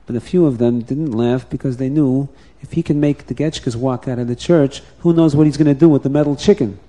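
A man telling a folk tale aloud, animated and repeating phrases, now and then restarting words. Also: mid-range voice, a little fast. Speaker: storyteller.

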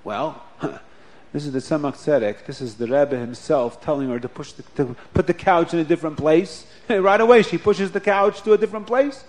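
A man telling a religious story to children in an animated, expressive way. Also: on the high side, moderate pace.

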